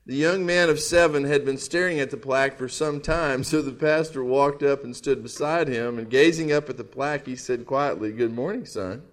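A man preaching a sermon in a jokey, animated way, reading funny letters and laughing along. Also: medium pitch, moderate pace, few pauses. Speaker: pastor.

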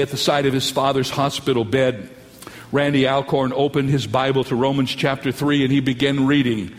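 A man preaching a sermon with emphatic delivery, slowing down for quoted story lines. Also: mid-range voice. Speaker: pastor. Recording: long hall reverb.

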